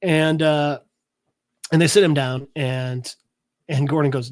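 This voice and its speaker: A man on a podcast recapping a comic book in casual chat, acting out the characters' lines in quick quotes, with lots of fillers and restarts. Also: on the high side, steady tone, darkish tone, no room sound, clean studio sound. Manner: retells scenes by voicing characters in quick quotes; loose, filler-heavy talk with restarts. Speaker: podcast co-host.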